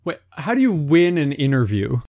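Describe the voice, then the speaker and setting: A man's voice: on the high side, very animated, normal speed, a little mellow. A man hosting a podcast, reacting with short, curious questions in casual chat. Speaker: podcast host.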